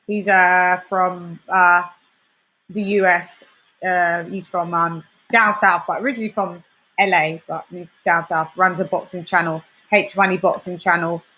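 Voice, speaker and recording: Bright-voiced woman chatting casually. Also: fairly low pitch, fairly even intonation, moderate pace, poor audio. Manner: chatty, laughs often, reads out viewer comments. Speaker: co-host. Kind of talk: casual chat on a live stream.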